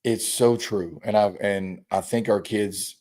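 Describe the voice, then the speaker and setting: A man with a low, mellow voice talks casually as a high school football coach. He rambles through stories and acts out the quotes of players. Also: steady tone, a little slow. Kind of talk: casual chat.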